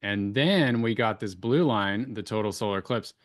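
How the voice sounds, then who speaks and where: A man's voice: lowish voice, a little slow, no echo. Man walking through a chart, dry sound. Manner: talks through a screen-shared chart with many fillers and restarts. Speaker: crypto astrology show host.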